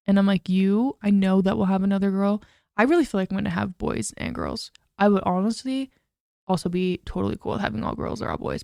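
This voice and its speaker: Chatty young woman with a creaky voice. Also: mid-range voice, darkish tone, dry recording, clean studio sound. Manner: chatty, lots of "like" and "literally". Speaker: podcast host. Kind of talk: casual solo podcast chat.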